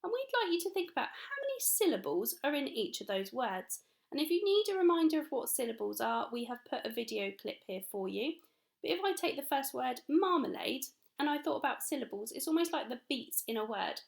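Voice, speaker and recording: A woman's voice: sits high, very animated, a little fast, creaky. A woman teacher with an English accent, speaking in an upbeat, encouraging way as she talks young children through their week's learning at home. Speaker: primary school teacher.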